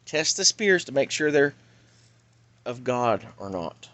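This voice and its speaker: A man delivering an urgent, pleading monologue that swings between loud outbursts and hushed warnings. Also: medium pitch, big pitch swings, a little slow, pauses often, dry recording. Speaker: vlogger. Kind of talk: impassioned monologue.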